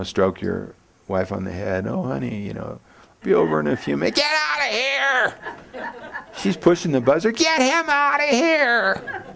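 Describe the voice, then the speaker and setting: A man preaching a church sermon as pastor, casual and joking, acting out quotes in lively voices. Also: creaky. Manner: animated, jokey, acts out quotes with big pitch jumps.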